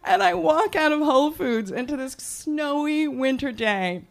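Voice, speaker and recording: A woman from the Jersey Shore telling a personal story live on stage, animated and self-mocking, laughing as she goes. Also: high voice, unhurried, gravelly. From Jersey Shore, USA.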